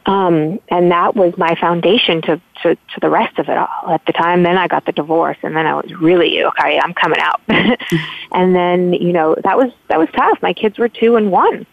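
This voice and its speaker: A woman's voice: on the low side, normal speed, creaky, dry recording. A woman from Southern California, a guest calling in, telling her story in a heartfelt, rambling way with many restarts. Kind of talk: casual interview storytelling. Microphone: phone. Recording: tinny phone line, dry.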